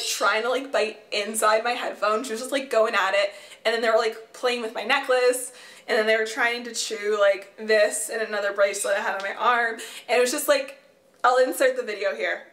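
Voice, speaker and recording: A woman's voice: on the high side, a bit bright. A young woman vlogging casually at home, rambling with many fillers and frequent laughs. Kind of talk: casual vlog chat. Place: room at home. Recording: echoey home room.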